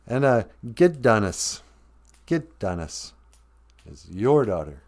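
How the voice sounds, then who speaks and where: Slow, playful man teaching words. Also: medium pitch, sing-song, darkish tone. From northern Minnesota, US. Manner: playful, joking, laughs often. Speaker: language and culture teacher, host. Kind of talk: live-stream teaching chat.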